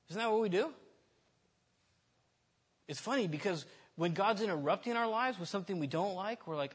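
A man's voice: sits high, a little fast. A man giving an informal sermon in a candid, self-deprecating, conversational way, often restarting his sentences. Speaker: preacher.

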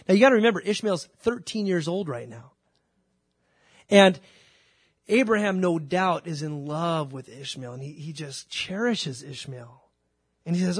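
High-voiced husky male preacher. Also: animated, unhurried, long pauses, dry recording, clean studio sound. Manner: storytelling, acts out biblical dialogue. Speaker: pastor. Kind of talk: sermon.

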